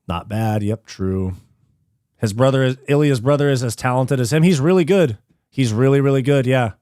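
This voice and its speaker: A man's voice: mid-range voice, moderate pace, dry recording. Casual man streamer, dry close sound. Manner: reads viewer messages aloud and thanks them; relaxed, slangy, swears freely. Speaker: live stream host. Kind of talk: casual live stream chat.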